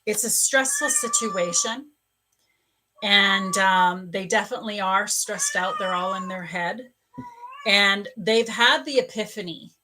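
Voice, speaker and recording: Woman doing a live psychic reading from home, takes her time, lots of ums, soft and sympathetic. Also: mid-range voice, background noise. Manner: slow, halting, with many pauses and fillers; gently sympathetic. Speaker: spiritual coach and psychic medium. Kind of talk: live psychic reading answering viewers' questions.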